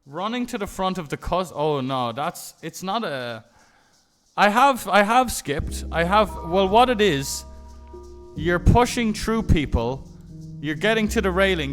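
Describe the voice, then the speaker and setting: A young man live-streaming who rambles through stories and keeps restarting and swearing along the way. His voice sits high for a man. Faint music plays under him. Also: fairly bright tone. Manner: rambling, profane storytelling with many restarts. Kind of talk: casual chat.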